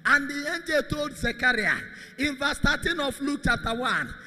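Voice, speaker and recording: A man, a Catholic priest, leading prayer with shouted, repetitive declarations. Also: very high-pitched, moderate pace. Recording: long hall reverb.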